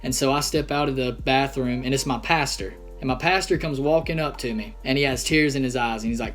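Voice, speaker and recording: A young man in a personal vlog, telling a painful family story in an earnest, halting way with many pauses. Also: medium pitch, fairly bright tone, soft background music. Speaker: vlogger.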